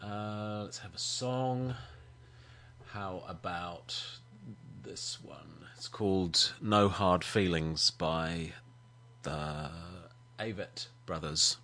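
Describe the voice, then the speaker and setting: A man hosting a radio show, chatting casually and haltingly with many ums. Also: deep voice, pushed and bright, slight background noise. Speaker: radio host.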